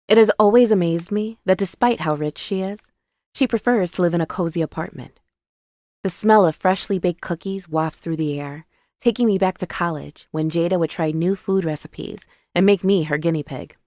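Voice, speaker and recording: A woman's voice: fairly low pitch, normal speed, darkish tone, dry recording, clean studio sound. A woman narrating a first-person romance story in an intimate, confiding way.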